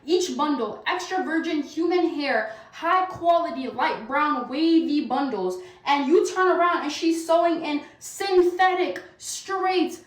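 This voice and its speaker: A woman hosting and narrating a dramatic storytime with quick, lively delivery. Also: high voice, reverberant, distant mic, poor audio. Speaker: host.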